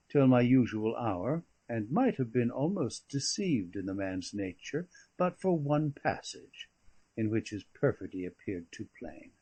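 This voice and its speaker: A man narrating an audiobook of a classic novel in a measured, expressive storytelling manner. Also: fairly low pitch, slightly rough, dry recording.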